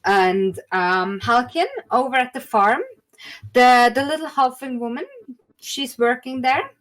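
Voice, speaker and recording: A woman's voice: fairly high pitch, unhurried, a bit bright, rough recording. A woman narrating a tabletop game as game master, loose and descriptive with many fillers.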